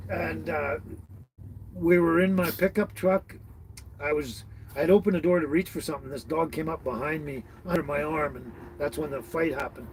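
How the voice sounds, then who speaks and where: A middle-aged man chatting on a live stream in a somewhat high voice, rambling easily and laughing as he answers viewers. A faint hiss of noise sits under his voice. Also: darkish tone, poor audio. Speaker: livestream host. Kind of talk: casual live-stream chat.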